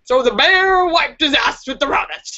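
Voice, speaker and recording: A woman's voice: high-pitched, lively intonation, normal speed, pushed and bright, muffled recording. A woman hosting a casual live stream, reading out viewers' jokes and laughing at them. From United States. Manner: giggly, laughs at her own jokes.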